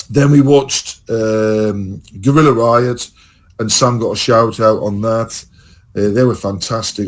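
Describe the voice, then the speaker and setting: A man's voice: lowish voice, rough recording. Sweary rambling man chatting. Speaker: podcast host. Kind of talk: casual chat.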